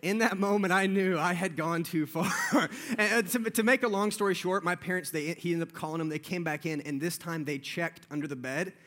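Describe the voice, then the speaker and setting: A young man preaching a sermon to a room, telling a personal story with animated, storytelling delivery that drops to a hush at tense moments. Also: high voice, fairly quick, few pauses. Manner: storytelling, animated, hushed when acting out the prank.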